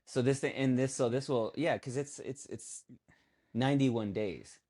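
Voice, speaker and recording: A man's voice: medium pitch, unhurried, warm tone. A man co-hosting a podcast, chatting casually and rambling, restarting his sentences and trailing off mid-thought. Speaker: podcast co-host. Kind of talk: casual chat.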